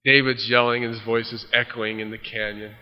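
A man preaching, reading scripture aloud and then retelling it with lively acted-out voices. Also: mid-range voice, a little fast, long reverb tail. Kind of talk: expository Bible teaching.

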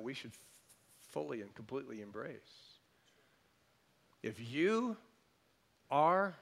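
A male pastor preaching a sermon emphatically, repeating phrases and swinging between loud declarations and soft asides. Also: medium pitch.

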